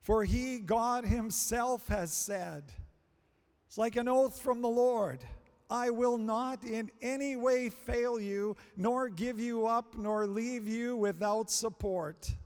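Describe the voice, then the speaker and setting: Man, preacher, sermon, unhurried, emphatic repetition, echoing hall. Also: extremely high pitch, darkish tone. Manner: slow, emphatic, repeating phrases for stress. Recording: long hall reverb.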